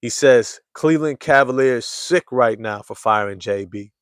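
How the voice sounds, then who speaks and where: A man hosting a casual basketball fan show, talking to his live chat in animated slang and repeating lines for emphasis. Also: normal speed, no echo, studio quality. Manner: animated storyteller, swings from loud hype to low murmur. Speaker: sports show host.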